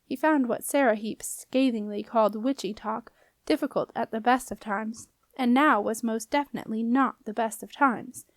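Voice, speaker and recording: A woman's voice: a little high, no room sound. Woman reading a children's novel aloud. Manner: even, measured storytelling. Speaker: audiobook reader. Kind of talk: audiobook narration.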